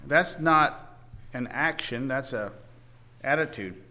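A man preaching a sermon, reading scripture aloud and speaking with many halting restarts. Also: medium pitch, animated, sharp tone.

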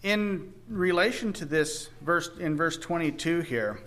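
Male preacher, slightly high voice, slow halting sermon delivery, raises his voice for scripture. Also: a bit bright. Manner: halting, with frequent restarts.

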